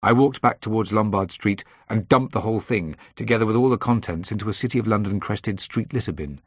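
A man reading a first-person thriller aloud in a measured, dry storytelling manner. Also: on the low side, slightly rough, no room sound. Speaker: audiobook narrator.

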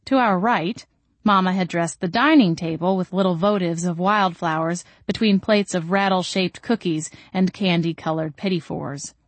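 A woman reading a first-person novel aloud in a calm, measured audiobook narration. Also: lowish voice, no room sound.

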